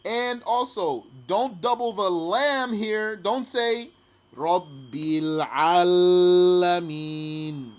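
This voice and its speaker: A man teaching pronunciation patiently, repeating each phrase slowly and sometimes chanting it. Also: very high-pitched, fairly bright tone. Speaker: recitation teacher. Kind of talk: pronunciation lesson.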